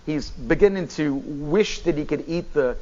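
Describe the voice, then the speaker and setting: A man, a bishop, preaching a sermon in an animated way, often restarting and repeating words as he goes. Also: on the high side, measured pace, dull audio.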